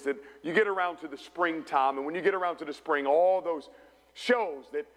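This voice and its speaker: A man preaching a sermon as pastor in a church, building to passionate peaks and dropping to hushed storytelling. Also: a little high. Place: church sanctuary. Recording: long church reverb.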